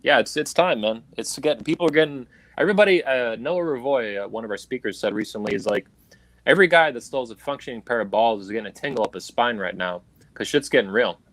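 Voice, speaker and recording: A man's voice: mid-range voice, lively intonation, fast, a bit bright. A man hosting a livestream, delivering a heated, profane political rant in an angry, emphatic way over a video call. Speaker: livestream host. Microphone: video call stream.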